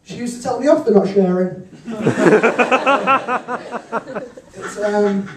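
This is a stand-up set by a young Hull comedian with a high male voice, recorded distantly in a hotel function room with echo and background noise. He speaks extremely slowly, offering deadpan one-liners, frequent ums and crude punchlines.

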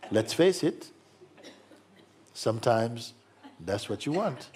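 A man giving a gentle spiritual talk to an audience, playful and teasing, acting out little voices and laughing as he speaks. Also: mid-range voice, very animated, takes it slowly, pauses often. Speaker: spiritual teacher.

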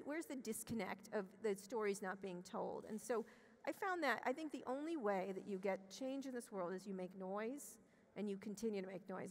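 A middle-aged woman speaking as a conference guest, blunt and salty, tumbling over her own restarts as she tells a personal story. Her voice sits at an ordinary pitch for a woman, and it rings out with a long reverb through a big hall. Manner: blunt and profane, with rapid restarts. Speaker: interview guest. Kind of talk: candid storytelling on stage. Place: tech conference stage.

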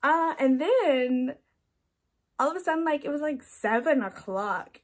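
A woman's voice: high-pitched, animated, measured pace. A young woman telling a story on her vlog in a chatty, casual way, laughing often and saying "like" a lot. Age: young adult. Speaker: vlogger.

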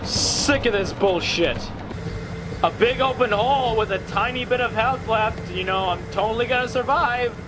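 A young man playing a video game and shouting and swearing at it in fury, over the game's music. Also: extremely high pitch, moderate pace. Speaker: gaming YouTuber. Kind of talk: angry gameplay commentary.

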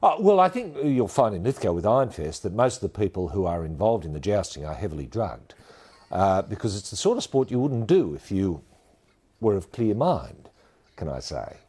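Australian man, deadpan co-host, rambling, hesitant, low voice, lively pitch swings. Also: moderate pace, husky. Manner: rambling, hesitant, lots of fillers. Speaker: comedy co-host. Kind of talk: deadpan mock sports commentary.

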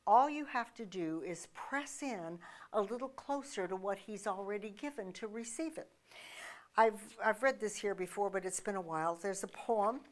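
Woman preacher, emphatic and chatty, lots of questions at the crowd, mid pitch. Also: normal speed. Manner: emphatic, conversational preaching with restarts and rhetorical questions. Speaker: minister. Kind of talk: sermon.

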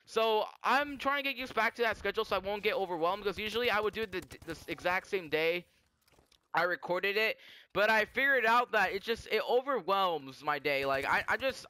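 A young man giving rambling, excitable live commentary over his gameplay, often stopping to correct himself. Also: sits high, clean tone. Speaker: gaming commentator.

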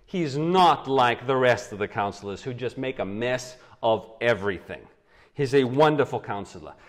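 Animated male pastor preaching. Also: medium pitch, moderate pace. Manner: animated storytelling, acts out quotes. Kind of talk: sermon.

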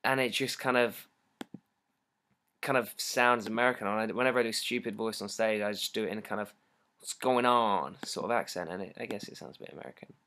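A teenage boy with a British accent hosts a casual livestream for his fans. He reads their comments aloud in an excitable, rambling, jokey way, over a laptop mic. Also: fairly low pitch, fast, slight background noise. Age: teens. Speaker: singer hosting a fan livestream. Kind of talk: casual livestream chat reading fan comments.

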